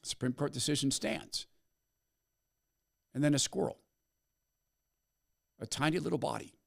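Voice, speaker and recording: A man's voice: mid-range voice, creaky. A man hosting a commentary podcast, retelling a story with a dramatic, storytelling delivery. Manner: storytelling, dramatic pauses, animated. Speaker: podcast host. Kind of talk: commentary monologue.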